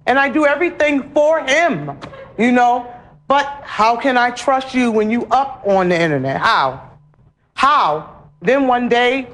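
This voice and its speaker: Wife in a fake court, indignant and dramatic, highish voice. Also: female voice, lively intonation, measured pace, a bit bright. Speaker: wife in a mock divorce court. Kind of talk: staged courtroom comedy sketch.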